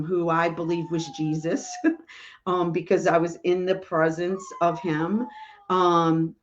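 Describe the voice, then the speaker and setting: Woman, medium, casual rambling storytelling, lowish voice, dull lo-fi sound. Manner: rambling, full of "you know" and "like". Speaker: spiritual medium.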